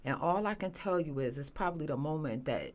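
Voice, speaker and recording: Woman giving a halting, earnest testimony. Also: deep voice, animated. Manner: earnest, halting, many restarts and fillers. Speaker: guest. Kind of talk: emotional personal testimony.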